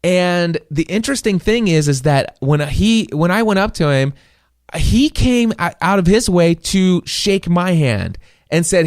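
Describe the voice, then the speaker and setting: Male podcast host, slightly high voice, dry close studio sound, eager storyteller. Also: expressive, a little slow, no room sound. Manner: enthusiastic storytelling, acts out quoted dialogue. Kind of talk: solo podcast monologue. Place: small home studio. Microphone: studio microphone.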